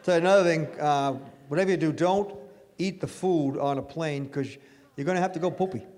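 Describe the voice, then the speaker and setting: A middle-aged man doing a stand-up comedy routine on a club stage, with a brash, punchy delivery and sudden loud bursts. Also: on the high side, brisk.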